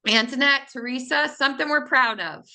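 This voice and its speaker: A woman's voice: high-pitched, fairly quick, pushed and bright. A woman coach hosting a casual group video call, upbeat and encouraging as she calls on people by name.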